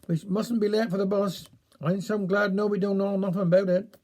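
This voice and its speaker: A man with a Cornish accent voicing a hurried country mother in a spoken story. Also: sits high, flat delivery. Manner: hushed, hurried. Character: anxious country mother hurrying off.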